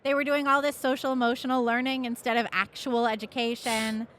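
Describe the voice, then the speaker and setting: A woman's voice: on the high side, fairly even intonation, a little fast, fairly bright tone. A middle-aged American woman guest talking frankly and with animation at a live event, with some fillers. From United States. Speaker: guest, magazine editor. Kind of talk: casual interview talk.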